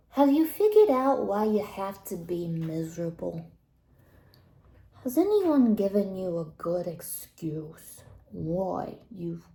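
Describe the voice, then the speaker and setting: A woman's voice: fairly low pitch, creaky, warm tone, reverberant, full character voice. A woman voicing a nosy, blunt, meddling elderly Jewish grandmother in a comic monologue, full of gossipy whispered asides and sighs. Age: older.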